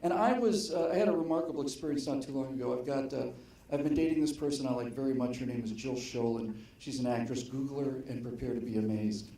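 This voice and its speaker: A man's voice: medium pitch, fast talker, warm tone, recorded from a distance, slight background noise. Man speaking in a very echoey hall. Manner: earnest, emphatic, conversational storytelling. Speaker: guest speaker. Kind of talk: public speech to a political gathering.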